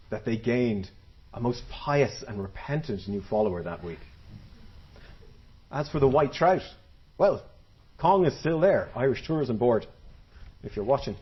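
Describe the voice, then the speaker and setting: Heard in lo-fi sound, a mid-range male storyteller spins a folktale for a live audience. He plays it up dramatically and with humor, drawing his listeners in.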